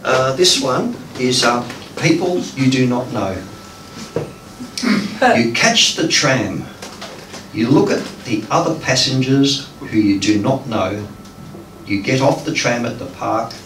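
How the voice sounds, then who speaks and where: A man's voice: mid-range voice, expressive, unhurried, a bit bright. A man giving a live poetry reading, hesitant and full of ums between poems. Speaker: poet reading his work. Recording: echoey room, distant mic, faint noise.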